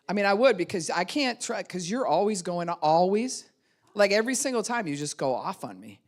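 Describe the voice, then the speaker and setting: A woman pastor giving a sermon who acts out both sides of arguments in sudden high voices and laughs often as she preaches. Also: sing-song, a little fast, a little mellow.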